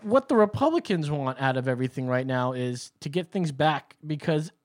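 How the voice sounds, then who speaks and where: A man's voice: fairly high pitch, lively intonation, normal speed. A man hosting a call-in show, chatting casually in a rambling, profane way and laughing often.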